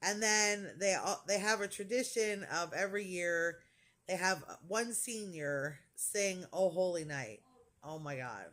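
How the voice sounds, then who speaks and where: A woman's voice: lowish voice, unhurried, a bit bright. A woman in her forties telling a rambling, gushing story in casual vlog chat, full of fillers. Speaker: crafting vlogger.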